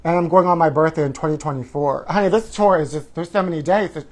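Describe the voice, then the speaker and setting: A man's voice: on the high side, fast. Campy man hosting a live stream. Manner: campy and theatrical, calls everyone honey, whoops. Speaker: host. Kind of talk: live-stream chat reading viewer comments.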